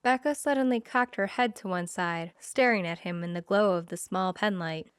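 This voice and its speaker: Smooth-voiced woman narrating a romance. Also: lowish voice, moderate pace, dry recording, clean studio sound.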